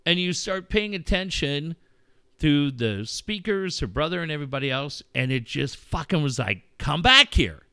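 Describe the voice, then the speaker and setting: A middle-aged man talks through personal stories on his podcast, candid and unguarded, dropping the odd curse as he goes. His voice is bright and forward, with a clean, smooth tone. The sound is dry and close, with no room around it. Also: fairly high pitch, animated, normal speed, dry recording. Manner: candid, profane, reflective storytelling. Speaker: podcast host. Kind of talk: casual conversation.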